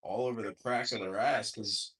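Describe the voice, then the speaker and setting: Speaking at an ordinary speed, this man has a lowish, steady voice with a touch of brightness. He's a podcast host and mayoral hopeful from the Chicago area, US, running a foul-mouthed, casual political chat in an online voice room where he bluntly rants.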